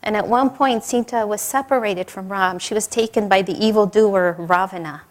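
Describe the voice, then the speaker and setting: Speaking in a mid-range voice at normal speed, a spiritual teacher delivers a sermon full of storytelling. She's warm and conversational, laughing lightly and putting questions to her audience.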